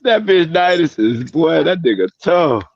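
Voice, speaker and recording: Man, slow talker, lively pitch, husky, muffled lo-fi audio. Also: dry recording. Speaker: chat guest. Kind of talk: casual group chat on a stream.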